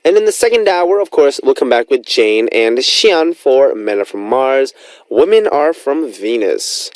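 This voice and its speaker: A man's voice: lively intonation, unhurried, no room sound, low-quality recording. A man in his twenties hosting a radio music show, upbeat and enthusiastic in a studio. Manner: bouncy, enthusiastic, big pitch swings. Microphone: studio microphone.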